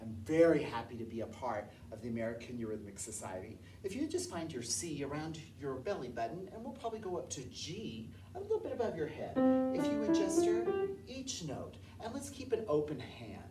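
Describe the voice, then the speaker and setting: A woman's voice: deep voice, very animated, brisk, dark tone. A woman who teaches elementary music, leading a movement lesson and singing scale notes and counts aloud. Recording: echoey room heard from a distance.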